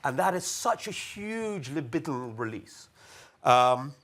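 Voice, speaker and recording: A man speaking on a public panel as a former TV producer, animated with quick repeated asides. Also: fairly high pitch. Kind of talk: panel discussion talk.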